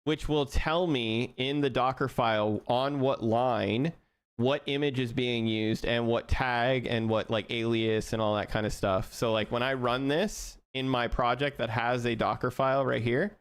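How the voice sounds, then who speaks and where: A young man codes on a live stream, chatting loosely with his viewers, laughing a lot and restarting sentences as he thinks aloud. His voice is medium in pitch, steady, unhurried and clean.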